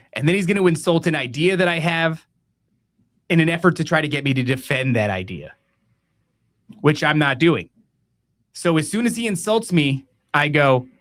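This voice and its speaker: A man's voice: fairly high pitch, a bit bright. An American man hosting a podcast, telling a story in a profane, mocking rant and laughing at his own tale. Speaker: podcast host.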